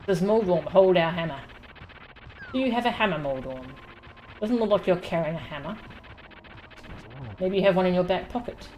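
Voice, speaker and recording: A woman giving casual live commentary while she plays a video game, chatting and teasing the boss out loud. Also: on the low side, animated, normal speed, long pauses, slight background noise. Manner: chatty, teases the game's boss aloud. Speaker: game streamer.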